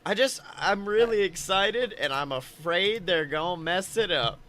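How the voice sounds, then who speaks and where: A young man co-hosting a casual podcast, telling excited stories and acting out quotes. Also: sits high, a little slow. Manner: excitable storytelling, acts out quotes. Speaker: podcast co-host. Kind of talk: casual chat.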